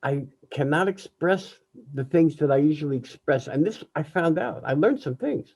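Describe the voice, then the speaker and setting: An older man, a jazz pianist, speaking candidly over a video call in an emotional, reflective way, often halting and restarting. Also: a little high, lively intonation, creaky, a little mellow, rough recording. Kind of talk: candid personal talk.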